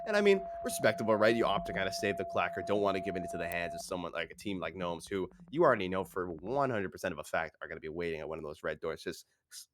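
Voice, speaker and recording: A man's voice: low-pitched, animated, fast, few pauses. A man casting an esports match in a casual, laid-back way, laughing often and calling people bro and dude. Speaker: esports caster. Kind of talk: casual play-by-play commentary.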